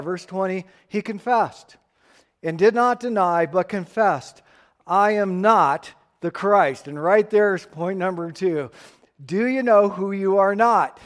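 Slow, high-voiced male preacher. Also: expressive, long reverb tail. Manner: slow, emphatic preaching with playful asides to the congregation. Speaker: pastor. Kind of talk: sermon.

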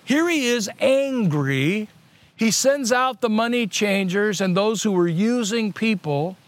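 A man's voice: high-pitched, lively intonation, slow. A middle-aged male pastor preaching a sermon earnestly, restating key points on purpose to drive them home.

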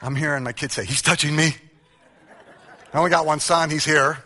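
A middle-aged man preaches with bright, forceful energy, acting out quotes and poking fun at himself. His fairly high voice rings out in a large church hall with a long reverb tail. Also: fast, slight background noise. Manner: animated storytelling, acting out quotes, self-mocking humor. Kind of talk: humorous sermon.

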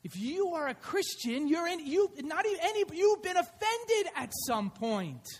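A man preaching a conversational sermon in church, telling stories in an animated way. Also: very high-pitched, moderate pace, slight background noise. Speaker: pastor. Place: church sanctuary.

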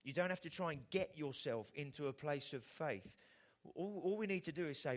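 A man's voice: on the high side, lively intonation, fairly quick. A middle-aged man preaching a sermon in a conversational way, often putting rhetorical questions to his listeners. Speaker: pastor.

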